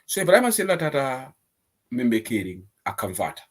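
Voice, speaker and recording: A Gambian-accented man hosts a live online current affairs show. He reads out viewer comments and argues each point with lively, swooping intonation. His voice sits at an ordinary middle pitch for a man. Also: normal speed. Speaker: host.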